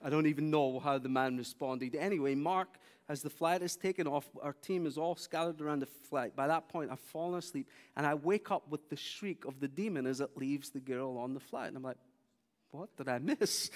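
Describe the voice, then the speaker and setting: A man's voice: a little high, fairly quick, few pauses, in a large hall. A man preaching a sermon, telling stories and acting out the people in them. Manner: animated storyteller, acting out quoted speech. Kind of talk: sermon with storytelling. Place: large church hall.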